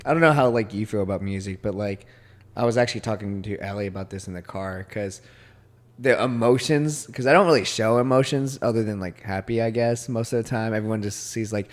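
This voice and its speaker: A man's voice: lowish voice, brisk. A young man co-hosting a podcast, chatting casually in a rambling, self-deprecating way with frequent laughs. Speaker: podcast co-host. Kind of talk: casual chat.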